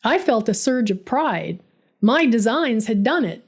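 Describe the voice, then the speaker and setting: A woman's voice: a little high, very animated, unhurried, slightly rough. A woman narrating her own first-person story, dramatic and bitter in tone.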